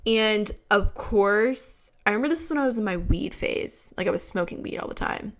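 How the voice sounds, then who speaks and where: A woman's voice: mid-range voice, animated, normal speed. A woman in her twenties hosting a podcast, chatting casually with frank, profane, rambling talk full of fillers. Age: 20s. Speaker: podcast host. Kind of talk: casual chat.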